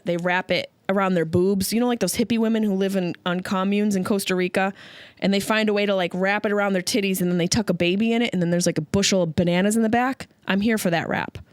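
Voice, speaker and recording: A woman from Upstate New York hosting a solo comedy podcast, riffing with sarcastic, animated asides. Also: medium pitch, fast, no room sound. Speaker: podcast host.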